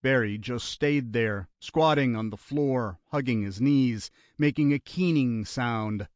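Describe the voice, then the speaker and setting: A man reads thriller narration at an unhurried pace, his tone steady and even. The recording is dry and close, with no room sound. His pitch sits in an ordinary male middle range. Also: no echo. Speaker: audiobook narrator.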